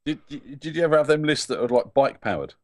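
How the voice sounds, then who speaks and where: A male panelist in casual banter, cracking wry, deadpan jokes. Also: mid-range voice, fast, no echo, clean studio sound.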